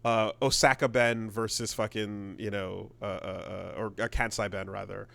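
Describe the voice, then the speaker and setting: A man's voice: fairly low pitch, fairly even intonation, moderate pace, vocal fry, a bit bright. A man co-hosting a podcast in casual chat, rambling with lots of restarts. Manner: rambling, many fillers and restarts. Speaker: podcast co-host.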